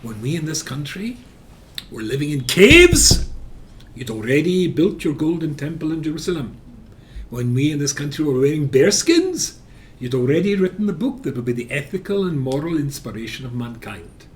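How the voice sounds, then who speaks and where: A man's voice: on the high side, sing-song, moderate pace, voice pushed up. A man voicing an elderly statesman who declaims a rousing, earnest speech with rising emphasis.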